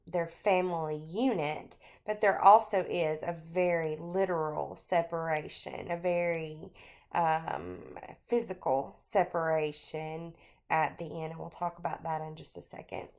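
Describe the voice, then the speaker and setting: Speaking in a fairly low voice, a female teacher walks through a short story in a screencast lecture, taking her time to explain and often using fillers.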